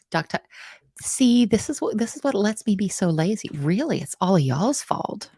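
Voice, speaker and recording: A woman's voice: medium pitch, sing-song, normal speed, a little mellow, slightly rough, dry recording, studio quality. Chatty woman teaching livestream. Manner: chatty, self-mocking, reads chat aloud. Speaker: coding instructor hosting a livestream. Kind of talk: casual live coding lesson.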